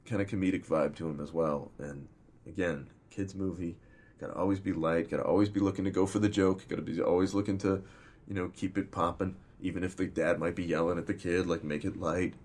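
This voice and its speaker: A film director talking in a casual interview, rambling and swearing freely, with lots of fillers. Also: male voice, low-pitched, fairly even intonation, brisk, darkish tone. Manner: rambling and profane, full of fillers.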